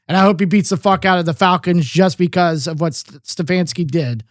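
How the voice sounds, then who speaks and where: A man's voice: high voice, fairly quick, no room sound, clean studio sound. A man co-hosting a sports podcast, talking casually with lots of swearing and filler words. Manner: profane, rambling, lots of fillers. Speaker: podcast co-host.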